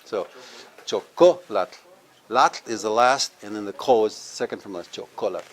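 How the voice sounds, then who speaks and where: A man's voice: on the low side, normal speed, a bit bright. Male professor lecturing to a live class. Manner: explains step by step and has the audience repeat words. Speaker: university professor giving a lecture. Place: cultural center with a live audience.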